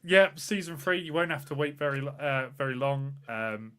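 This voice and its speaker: A man's voice: medium pitch, expressive, moderate pace, fairly bright tone, slight background noise. A man hosting a casual live-stream podcast, rambling loosely through the sign-off with plenty of filler words. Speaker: podcast host.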